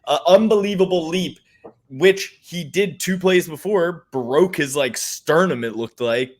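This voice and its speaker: A man's voice: fairly high pitch, a little slow. A man in a casual sports chat vents about football. He sounds exasperated and leans hard on each complaint. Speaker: podcast co-host.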